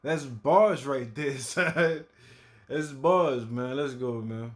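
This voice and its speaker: A man giving casual reaction commentary in a slow, laid-back way, repeating himself. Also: mid-range voice. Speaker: reaction video host.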